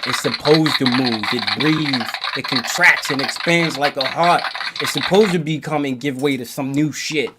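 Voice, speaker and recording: A man's voice: mid-range voice, normal speed, heavy background noise. A middle-aged man co-hosting a casual hip hop talk show, emphatic and full of slang, often agreeing with his partner. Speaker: podcast co-host.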